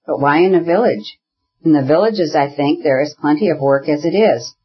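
A husky-voiced reader voicing a mild, hesitant gentleman who asks questions gently, in an audiobook. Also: mid-range voice, moderate pace, highs cut off, close to an everyday voice.

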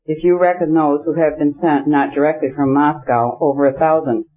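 A male narrator voicing a reserved, measured gentleman in an audiobook. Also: fairly high pitch, fairly even intonation, narrow, tinny audio, natural voice.

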